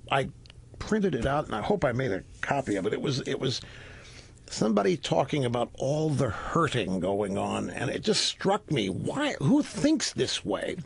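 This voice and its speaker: A man's voice: vocal fry, husky. A man in his sixties hosting a call-in radio talk show, talking in an emphatic, opinionated way. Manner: emphatic, animated, sweeping pitch swings. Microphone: studio microphone. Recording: dry close studio sound.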